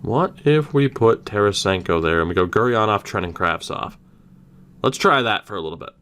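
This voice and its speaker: Young male gaming host, lowish voice, chatty play-by-play with lively reactions. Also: moderate pace. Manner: thinks aloud, animated reactions, mild swearing. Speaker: gaming YouTuber. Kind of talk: casual let's-play commentary.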